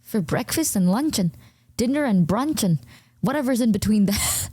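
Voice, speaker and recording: A young woman streamer chats casually and rambles through an animated story, her pitch leaping high in the punchlines. Her voice is mellow and dark in tone, recorded dry and close. English is not her first language. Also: normal speed, breathy edge, no echo. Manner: rambling, animated, full of fillers, jumps high when telling stories.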